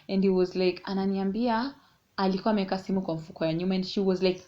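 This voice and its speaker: A young adult woman, a vlogger, tells a story in a casual, animated way, switching between English and Swahili. Her mid-range voice is fast and warm, and the recording has a dull, lo-fi sound.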